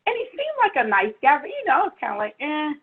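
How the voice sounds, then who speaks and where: A middle-aged woman, a guest author, telling her story casually over a video call, animated and playful, laughing often. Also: high-pitched, racing. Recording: tinny phone-like audio.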